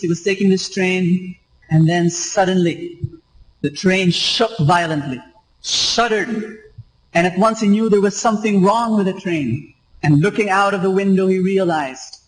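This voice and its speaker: Male preacher, high voice, emphatic, repetitive sermon delivery. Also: rough recording. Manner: emphatic and repetitive, with rhetorical questions. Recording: radio live stream.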